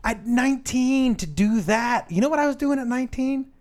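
A man's voice: extremely high pitch, normal speed. A man hosting a podcast, chatting casually and teasing his co-hosts. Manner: teasing, animated banter. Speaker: podcast host. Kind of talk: casual comedic chat.

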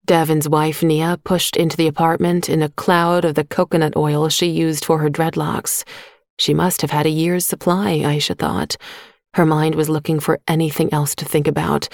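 A woman narrating a short story in a measured, even voice on a close microphone. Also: low voice, gravelly, dry recording. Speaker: audiobook narrator. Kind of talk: scripted narration.

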